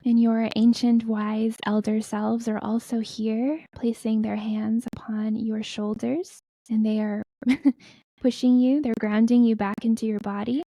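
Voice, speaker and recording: A woman leads a guided meditation in a very dark, mellow voice with a gravelly fry. She speaks softly and slowly, sometimes whispering, and she chants in an invented light language. Her pitch sits fairly high but stays flat and even, and the sound is dry and close. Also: no echo, poor audio. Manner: soft, slow, soothing delivery that drops into whispers. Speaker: guest spiritual healer.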